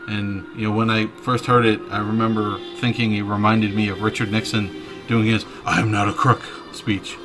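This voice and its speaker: A man's voice: fairly low pitch, little pitch movement, normal speed. A man casually commentating a video game playthrough with joking, chuckling asides. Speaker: gameplay commentator. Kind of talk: casual let's-play commentary. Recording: game music behind.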